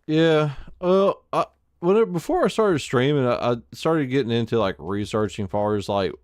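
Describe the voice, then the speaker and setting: A man's voice: medium pitch, animated, moderate pace, darkish tone, no room sound, clean studio sound. A man with an Alabama Southern accent, live streaming a survival game and chatting casually in a rambling, filler-heavy way. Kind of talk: casual chat while gaming.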